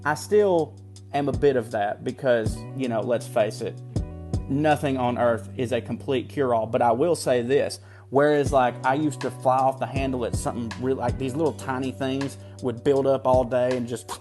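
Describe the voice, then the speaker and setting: A man's voice: fairly even intonation, normal speed, over music. Chatty man doing a joking ad read. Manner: chatty, joking, swoops up high for emphasis. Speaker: podcast co-host reading an ad. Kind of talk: casual ad read.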